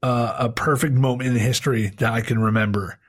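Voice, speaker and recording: Husky man, crude podcast banter. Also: mid-range voice, steady tone, fairly quick. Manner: profane, rambling with restarts. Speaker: podcast co-host.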